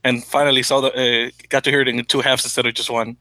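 A man's voice: mid-range voice, level tone, fast talker, bright, forceful tone, no echo. A young man from the Dominican Republic hosting a casual sports podcast, rambling and correcting himself with frequent laughs. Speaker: podcast host.

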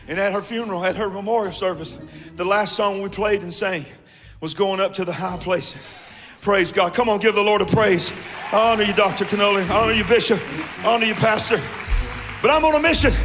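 Male guest preacher, very high, bright voice, fiery call-and-response delivery, long church reverb with music underneath. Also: brisk. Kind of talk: sermon. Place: large church hall.

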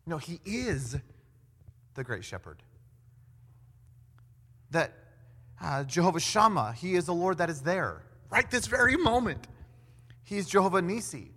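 A man preaching a sermon in an animated way, acting out quoted voices with big swings in loudness. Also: fairly high pitch, measured pace, long pauses, slightly rough. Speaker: pastor. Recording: long hall reverb.

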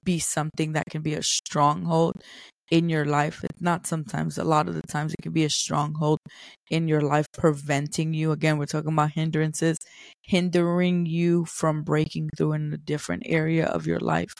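A woman's voice: low-pitched, little pitch movement, normal speed, creaky, dry recording. A woman hosting a faith podcast, reading scripture aloud and explaining it in an earnest, conversational way. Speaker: podcast host.

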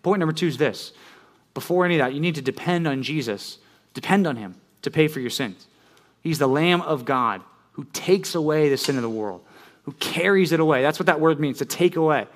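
A man's voice: on the high side, lively intonation, brisk. A man preaching a sermon in a conversational way, often checking in with listeners with "right?" and building up intensity as he tells stories. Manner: storytelling with rising intensity. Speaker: pastor.

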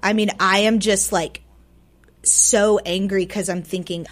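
A woman telling a personal story as a radio guest, swinging between loud and hushed, often repeating words for emphasis. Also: medium pitch, steady tone, unhurried. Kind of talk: personal story told aloud. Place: radio studio.

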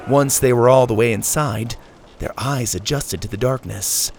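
A man narrating a children's adventure story in an animated, expressive way. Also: mid-range voice, moderate pace, vocal fry, a little hiss or hum.

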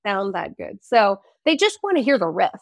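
Woman, guest musician, animated storytelling, dry close sound, casual chat, lots of "like". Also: medium pitch, normal speed, vocal fry, no echo. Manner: animated storyteller, many "like" fillers.

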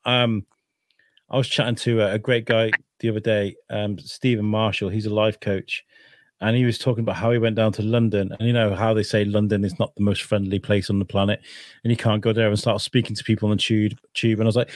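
A man's voice: lowish voice, steady tone, fairly quick, no room sound, clean studio sound. A man hosting a casual podcast interview, hesitant and prone to repeating words as he gets going. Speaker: host.

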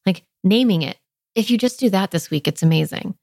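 A woman's voice: mid-range voice, lively intonation, brisk, vocal fry, no room sound, clean studio sound. A woman hosting a parenting podcast, talking in a chatty, conversational way and using a lot of filler words. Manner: warm, chatty, lots of "like" fillers. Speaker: parenting podcast host and coach. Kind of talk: podcast monologue.

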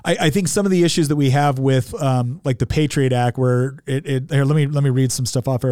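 A man's voice: mid-range voice, steady tone, a little fast, hardly any pauses, darkish tone, dry recording, studio quality. A man co-hosting a political commentary show, talking emphatically and restarting his sentences often. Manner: emphatic, exasperated, with frequent restarts. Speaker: co-host.

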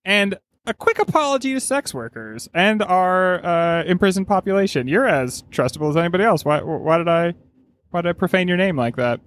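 A man's voice: high voice, expressive, a little fast, a bit bright, no echo. A man hosting a podcast in casual chat, joking as he leads each segment. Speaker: podcast host.

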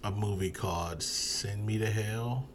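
A man's voice: lowish voice, unhurried, slight background noise. A man in casual conversation, talking bluntly with strong opinions and casual swearing. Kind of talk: casual chat.

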